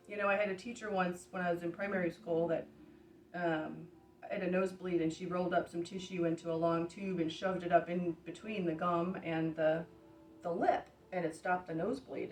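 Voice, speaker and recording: A woman who practises energy healing, gently talking viewers through each exercise step by step as she demonstrates it. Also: lowish voice, slight background noise. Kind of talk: guided exercise instruction. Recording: echoey room, mic at a distance.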